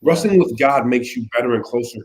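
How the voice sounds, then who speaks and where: A man speaking as a youth pastor guest in a casual conversation, animated, acting out little quotes and often checking in with "right?". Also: medium pitch, a little fast. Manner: animated, acts out quotes, keeps asking "right?".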